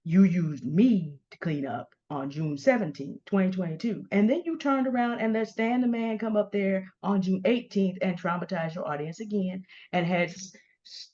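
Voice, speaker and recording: A middle-aged woman delivers confrontational commentary straight to camera, calling people out by name in a pointed, deliberate way. Her voice sits at a middle pitch. The recording is dull and slightly lo-fi. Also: darkish tone. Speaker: commentary host. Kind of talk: direct-address commentary. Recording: dull lo-fi sound.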